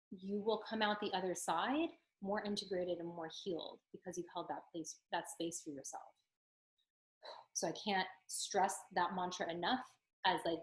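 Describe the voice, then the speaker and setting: A woman's voice: medium pitch, poor audio. A woman spiritual coach talking through her techniques in a casual teaching monologue, chatty and earnest, full of "like" and "um". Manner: chatty, with frequent "like" and "um" fillers; earnest and encouraging.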